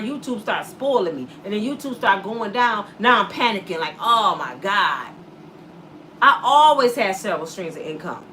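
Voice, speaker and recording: A woman YouTuber giving blunt, animated commentary to her viewers and acting out the voices of people she quotes. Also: a little high, recorded from a distance, a little hiss or hum. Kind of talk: casual commentary to camera.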